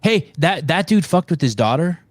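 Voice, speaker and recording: A man's voice: on the high side, very animated, normal speed, no echo. Blunt, foul-mouthed male podcast host. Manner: blunt, profane, rambling. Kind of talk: casual interview chat.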